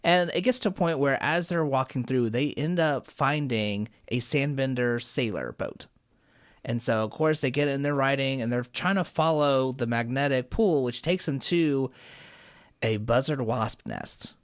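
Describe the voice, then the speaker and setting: A man hosting a casual podcast, retelling a cartoon episode in an animated, swearing, storytelling way. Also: medium pitch, unhurried, dry recording, clean studio sound. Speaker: podcast host.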